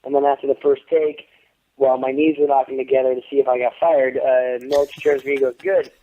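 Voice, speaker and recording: A man being interviewed as an actor, telling stories in a profane, animated way over the phone. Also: medium pitch, quick pace, slight background noise. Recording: tinny phone line.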